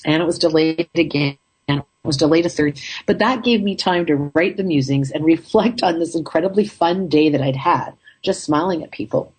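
A woman casually telling a travel story in an upbeat, chatty way, her throat a little rough. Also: low voice, normal speed, a little mellow.

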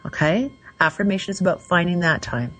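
A woman hosting a call-in radio show, slowly and soothingly guiding listeners through affirmations. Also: fairly low pitch, lively intonation, a bit bright, husky, poor audio. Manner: slow, soothing, guides affirmations. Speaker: radio show host and coach.

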